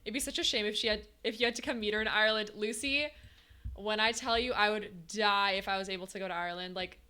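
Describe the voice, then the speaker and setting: A chatty woman streaming a game, talking casually to her viewers and replying to chat as she goes. Her voice is bright and clear, and she laughs often. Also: mid-range voice, steady tone, quick pace.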